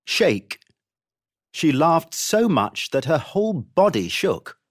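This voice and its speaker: A man reading vocabulary explanations and example sentences for a textbook, clearly and expressively. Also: fairly high pitch, very animated, slow pace. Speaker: textbook audio reader.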